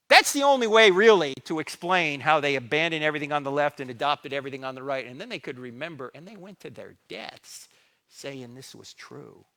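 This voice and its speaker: Middle-aged male speaker, lively pitch swings, sarcastic storyteller acting out dialogue in a church talk. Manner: dramatic, acts out dialogue, sarcastic humor. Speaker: guest speaker. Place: church sanctuary.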